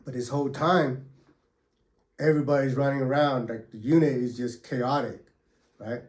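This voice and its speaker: A man's voice: medium pitch, fairly even intonation, normal speed, a little mellow. A man casually telling a story from his prison years, full of profanity and street slang, acting out the blows as he goes. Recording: echoey room.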